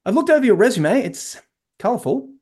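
A man's voice: sits high, big pitch swings, a little fast, a little mellow, husky, voice pushed up, heavily acted. A man voicing a serious woman school principal in her late thirties, formal and clipped. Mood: curt.

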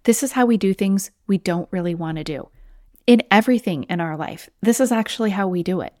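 She's a woman at mid pitch, hosting a solo coaching podcast in a chatty, encouraging way. The sound is close and dry, with no room around it. Now and then she slips into little acted inner voices. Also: fairly quick, darkish tone, no echo. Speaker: podcast host, weight loss coach.

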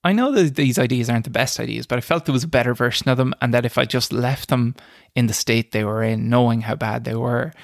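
A man's voice: medium pitch, fast, vocal fry, few pauses, dry recording, clean studio sound. A young man, a screenwriter and podcast guest, telling self-deprecating stories in a casual chat and laughing as he goes. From Ireland. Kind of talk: casual storytelling interview.

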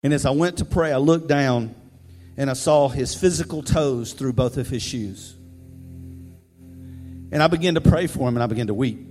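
A male pastor preaching in an animated, conversational storytelling way. He has a mid-range voice, and it carries a long hall reverb with faint music underneath. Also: medium pitch, moderate pace, long pauses. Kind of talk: storytelling sermon.

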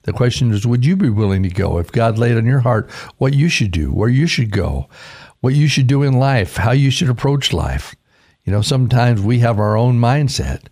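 A man's voice: medium pitch, lively intonation, normal speed, a little mellow. A man in his sixties from Idaho, a pastor hosting a radio devotional, talking in a folksy, rambling way that corrects itself as he goes. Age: 60s.

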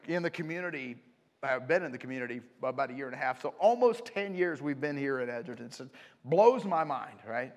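A man preaching as a pastor, animated and conversational, telling stories and checking in with frequent asides. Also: fairly high pitch. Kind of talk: sermon. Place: church auditorium. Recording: long hall reverb.

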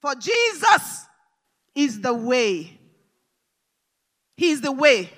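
A woman preacher delivering a live church sermon, fervent and repetitive, rising to shouted declarations. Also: high voice, sing-song, unhurried, pauses often. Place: large church hall service.

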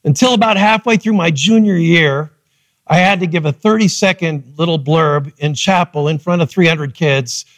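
High-voiced pastor, animated storytelling. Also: male voice, no echo. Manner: animated storytelling, acting out quotes. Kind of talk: sermon. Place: church.

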